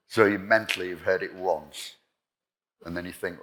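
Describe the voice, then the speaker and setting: An older English man, a guest musician, spins lively stories of past recording sessions and acts out each back-and-forth himself. His voice sits very low but comes across bright and forceful. He swears freely as he tells them. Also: a little fast. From England. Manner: animated anecdotes, acting out quoted exchanges, swears freely. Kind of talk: storytelling in a live interview.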